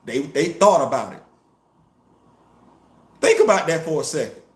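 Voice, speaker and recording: A man's voice: on the high side, normal speed. Emphatic man, roomy echo. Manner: animated, emphatic, rising to loud peaks. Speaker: host. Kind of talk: casual commentary show.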